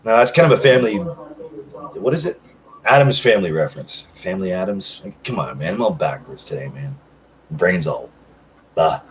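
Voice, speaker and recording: Man in his thirties, casual livestream host, fairly low voice, very lively pitch, joking and rambling. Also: moderate pace, pauses often, low-quality recording. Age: 30s. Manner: chatty, rambling, self-joking. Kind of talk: casual livestream chat reading comments.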